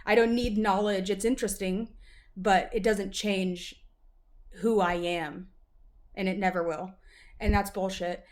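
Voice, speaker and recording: A woman vlogger who reads a text aloud haltingly and breaks off into rambling, profane talk. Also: medium pitch, steady tone, darkish tone. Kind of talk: reading aloud and casual ranting.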